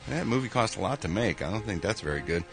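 A male radio host from Philadelphia whose pitch swings widely as he talks. He reads entertainment news with a bright, forceful edge, jokey and animated, over faint music. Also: creaky. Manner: animated, jokey, with quick sound-effect interjections. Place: radio studio.

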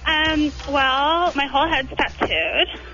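A woman in her twenties with a high, bright voice that swoops about, chatting in a giggly valley-girl way on a call-in show. The line sounds a bit dull. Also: lively intonation, takes it slowly, faint music behind. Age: 20s. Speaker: caller. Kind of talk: radio call-in chat. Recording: slightly dull radio broadcast.

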